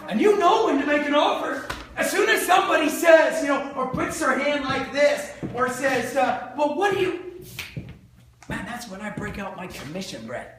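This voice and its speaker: Sales trainer, male, high voice, playful crowd-quizzing delivery, echoey hall mic from far off. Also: moderate pace, hardly any pauses, slight background noise. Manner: quizzes the audience with fill-in-the-blank questions; lively and joking. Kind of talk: live seminar talk to an audience. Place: large indoor room with an audience.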